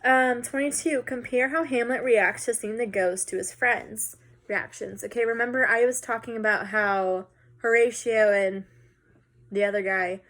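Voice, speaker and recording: A woman teacher casually walking students through a recorded lesson, talking in a relaxed way with some filler words. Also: a little high, moderate pace.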